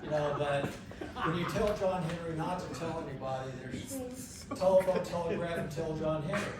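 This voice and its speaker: A man's voice: fairly high pitch, animated, normal speed. A man giving a joking wedding toast, telling stories and laughing along. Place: indoor party venue. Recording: echoey hall from far off, loud party noise.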